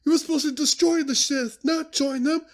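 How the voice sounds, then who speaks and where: A man's voice: fairly even intonation, a little fast. A man voicing a grave older male Jedi mentor in an anguished, strained, theatrical way. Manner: strained high theatrical delivery.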